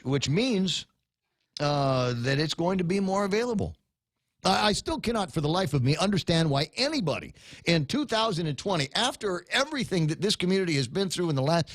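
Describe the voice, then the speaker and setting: A man's voice: on the high side, no room sound, clean studio sound. A man in his fifties hosting a morning talk show, speaking in a rambling, rhetorical, incredulous way. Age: 50s. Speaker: radio talk show host. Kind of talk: morning talk-radio monologue.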